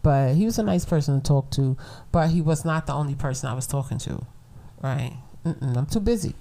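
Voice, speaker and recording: A middle-aged woman from Brooklyn, telling a story in a casual podcast monologue, blunt and animated, laughing often. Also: sits low, brisk, creaky. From Brooklyn, New York. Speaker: podcast host.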